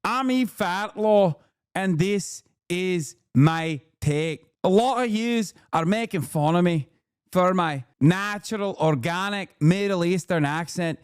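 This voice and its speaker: A man's voice: high-pitched, dark tone, smooth, heavily acted. A man putting on a mocking voice as a smug male pundit with a put-on fake accent. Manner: mocking, drawn-out delivery.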